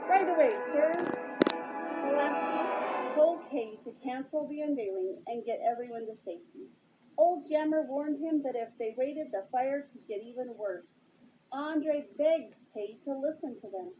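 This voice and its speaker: A woman's voice: high voice, unhurried. A woman reading a children's novelization aloud with expression, with occasional slips and restarts. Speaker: reader. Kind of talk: storybook read-aloud narration. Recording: dull lo-fi with loud music.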